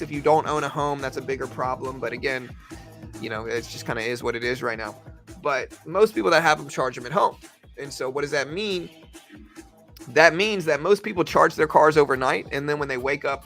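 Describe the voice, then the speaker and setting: A man gives casual, rambling live-stream commentary on trading, talking conversationally to his viewers with lots of fillers. His medium-pitched voice is a bit bright and has vocal fry.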